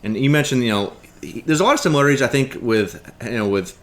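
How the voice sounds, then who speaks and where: A man's voice: medium pitch, lively intonation, fast. A man appearing as a guest analyst, talking casually and reeling off numbers with many fillers. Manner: rattles off stats, many "like" and "you know" fillers. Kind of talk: casual sports chat.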